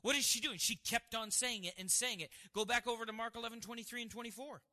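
A man's voice: very high-pitched, steady tone, quick pace, sharp tone. A man preaching a sermon as pastor, asking the congregation questions and answering them himself. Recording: hall reverb.

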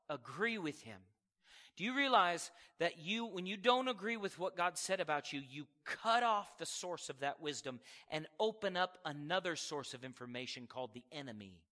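High bright-voiced preacher in a reverberant hall. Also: male voice. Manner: animated preaching, acts out voices of God and people. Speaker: pastor. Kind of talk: sermon.

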